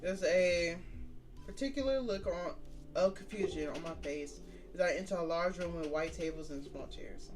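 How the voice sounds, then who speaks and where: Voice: medium pitch, moderate pace, far from the mic, faint music behind. Streamer reading a story game, joking asides. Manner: casual, profane, joking asides between read lines. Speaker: gaming streamer.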